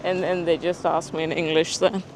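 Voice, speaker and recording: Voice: medium pitch, flat delivery, normal speed, a little hiss or hum, poor audio. A vlogger chatting casually on a walking livestream, laughing often and reading chat aloud from a handheld phone outdoors. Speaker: live-streaming vlogger. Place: outdoors on city streets.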